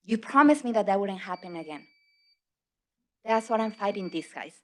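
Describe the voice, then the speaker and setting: A woman's voice: medium pitch, animated, moderate pace, a bit bright. Middle-aged woman, non-native English speaker, public commenter; emphatic, earnest delivery. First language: not English. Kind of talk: public comment at a school board meeting. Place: meeting hall.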